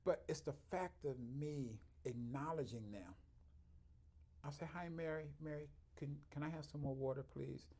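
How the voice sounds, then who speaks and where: A man's voice: fairly high pitch, normal speed, a little mellow, breathy edge. A man, a chiropractor, talking earnestly in an interview, telling heartfelt stories and quoting the people he has met. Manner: earnest, heartfelt, often quoting others, laughing at his own stories. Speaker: chiropractor, guest. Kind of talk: conversational interview storytelling.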